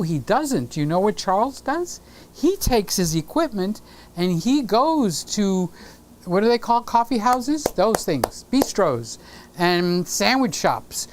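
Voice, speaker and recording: A man hosting a casual live stream from his home studio, playfully teasing viewers and greeting them by name. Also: high-pitched.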